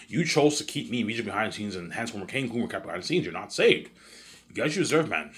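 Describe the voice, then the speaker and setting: A man's voice: fairly low pitch, sing-song, fast talker, a bit bright. A man vlogging in a rambling, repetitive monologue with frequent swearing.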